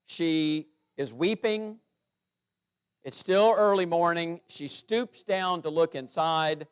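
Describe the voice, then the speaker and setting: A man's voice: fairly high pitch, clear, resonant tone. A middle-aged man teaching through a Bible passage verse by verse, reading scripture aloud with rising emphasis.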